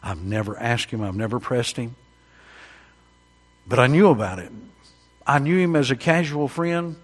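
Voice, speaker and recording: A husky-voiced man preaches to his congregation at an evening church service. His words ring through a long, echoing hall, jumping to loud emphatic calls and then sinking to near-hushed confessions. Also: mid-range voice, lively intonation, normal speed. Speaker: pastor. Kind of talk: sermon.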